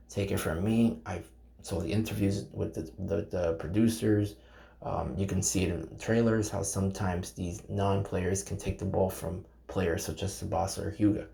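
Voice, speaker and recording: A man's voice: low voice, creaky, dark tone. A man casually reading a novel aloud to his viewers, stumbling over names and breaking off to chat with them. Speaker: channel host reading a game novel aloud. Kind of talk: casual read-aloud with commentary.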